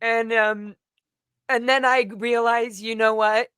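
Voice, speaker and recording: A woman's voice: on the high side, little pitch movement, slow pace, fairly bright tone, smooth, no room sound, studio quality. A woman vlogger telling a personal story in a casual, rambling way, full of "like" fillers. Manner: rambling, emotional retelling with frequent "like" fillers. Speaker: vlogger recounting a personal event.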